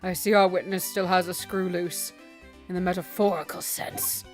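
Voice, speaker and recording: A woman voicing a refined male prosecutor in a game, speaking in a measured, lowered and precise way. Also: fairly even intonation, soft background music, lightly acted. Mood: dry. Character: stiff, formal male prosecutor, cool and refined.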